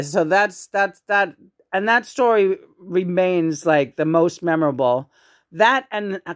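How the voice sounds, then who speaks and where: Rambling woman telling family stories. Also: sits low. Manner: rambling, with frequent fillers and restarts, and laughter. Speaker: host of a home memorial. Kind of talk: casual storytelling.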